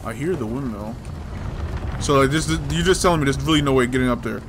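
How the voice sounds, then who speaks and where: Man, casual gaming commentary, self-talk, teasing, frequent swearing, average pitch. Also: a little fast, noisy background. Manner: talks to himself and the game hero, swears often, teasing. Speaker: gameplay streamer.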